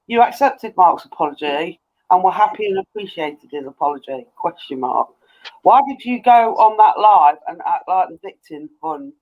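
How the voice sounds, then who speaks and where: A man's voice: sits high, a little mellow. Indignant man in his fifties, lo-fi sound. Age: 50s. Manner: indignant, scolding. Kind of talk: reading out comments in casual chat.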